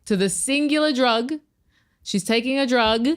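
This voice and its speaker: A woman co-hosting a podcast, recapping a TV episode in loose, joking chat and breaking into sudden high squeals. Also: normal speed. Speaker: podcast co-host.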